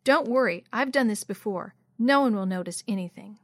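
A woman voicing a sly, scheming man who sounds smooth and reassuring. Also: mid-range voice, moderate pace, no echo, studio quality, lightly acted.

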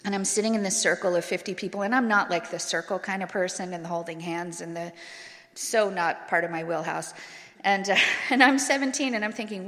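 A woman's voice: on the low side, a little fast, a bit bright. A woman giving a candid personal talk to an audience, telling her story bluntly and casually, with some swearing. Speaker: speaker sharing a recovery story. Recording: long hall reverb.

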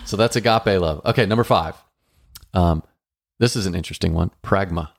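Male podcast co-host, low and gravelly, upbeat, playful, teaching couples. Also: brisk, dry recording, clean studio sound. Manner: upbeat, playful, acts out little dialogues. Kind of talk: casual marriage advice chat.

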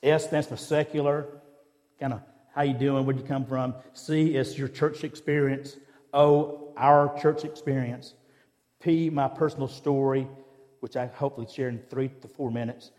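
Man, preacher, mid pitch, storytelling sermon, acts out dialogue, reverberant church hall. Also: steady tone, moderate pace, darkish tone. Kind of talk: sermon with personal stories.

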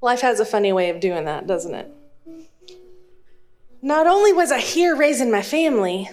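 A woman's voice: a little high, expressive, normal speed, a little mellow, soft background music. A woman in her thirties from East Texas, with an East Texas accent, telling a humorous, self-deprecating story as a speaker to a live audience. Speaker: speaker and Spanish teacher.

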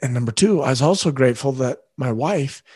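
A man talks earnestly straight to his listeners as the host of a solo parenting podcast. His voice sits at an ordinary middle pitch. The recording is dry and close, with no room sound. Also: lively intonation, a little fast, a little mellow, husky, dry recording. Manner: earnest, speaks directly to listeners. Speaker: father.

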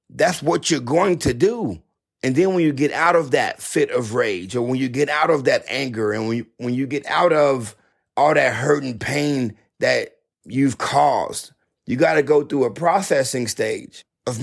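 A middle-aged man speaks with a gravelly, fry-laced voice at an ordinary pitch. He talks earnestly and passionately, hammering his points home with repetition like a preacher. His delivery is a heartfelt motivational talk. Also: measured pace. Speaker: speaker on men's issues.

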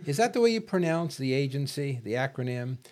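A man talks politics on a podcast in a measured, wordy way. He pauses to clear his throat now and then. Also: medium pitch, sing-song, a little mellow. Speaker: podcast co-host. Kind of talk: casual political discussion.

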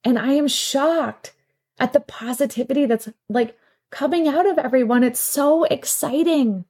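A woman's voice: high-pitched, measured pace, darkish tone, breathy edge. A middle-aged woman hosting a casual talk show, telling stories in a chatty, rambling way and laughing often. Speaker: podcast host and salon owner. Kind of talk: casual storytelling monologue.

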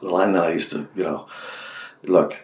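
Low-voiced older man with a Belfast accent. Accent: West Belfast. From Northern Ireland. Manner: animated storytelling, quick bursts and restarts. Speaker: radio host, guest. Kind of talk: casual interview chat. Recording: echoey office room.

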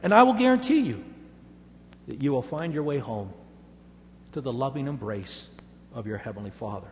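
A man's voice: medium pitch, expressive, normal speed, in a large hall, a little hiss or hum. A man preaching a sermon, telling stories earnestly and making emphatic assurances to his congregation. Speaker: pastor.

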